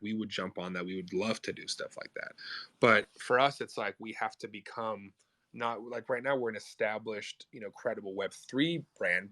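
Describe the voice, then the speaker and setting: A man hosting a casual online audio chat, his voice bright and forceful, sitting fairly low for a man. He talks fast and loose, swearing freely and piling on fillers like "you know" and "right". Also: no echo. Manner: fast, profane, energetic pitch talk. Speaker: host of a crypto media brand. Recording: audio stream.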